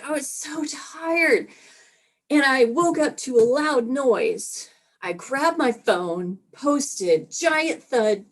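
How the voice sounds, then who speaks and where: A middle-aged woman telling stand-up jokes in an unhurried, dry manner over a video call. Her voice sits a little high for a woman and she lets each line land slowly. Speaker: stand-up comedian. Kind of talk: stand-up comedy set.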